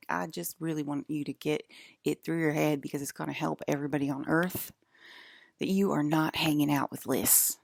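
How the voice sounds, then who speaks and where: Woman, vlogger, low voice, dry close sound, emphatic, repetitive, talks straight to viewers. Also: gravelly, no room sound. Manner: emphatic, repeats herself, addresses viewers directly. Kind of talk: rambling casual monologue to viewers.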